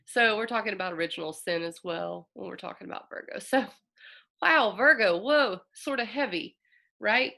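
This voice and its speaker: Bright, gravelly woman astrologer. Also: medium pitch, normal speed. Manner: earnest, emotional, reflective. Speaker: astrologer host. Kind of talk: casual spoken astrology talk.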